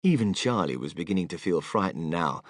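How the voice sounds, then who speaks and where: A man narrating a children's audiobook in an animated, expressive storytelling manner, close to the microphone. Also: deep voice, a little fast, dry recording. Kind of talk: scripted narration.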